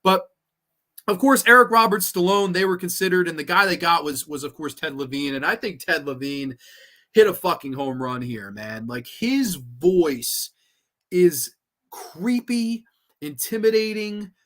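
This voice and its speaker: A young man hosting a horror movie review stream, chatting in an excitable, profane, rambling way and laughing easily. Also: on the high side, normal speed. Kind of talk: casual livestream commentary.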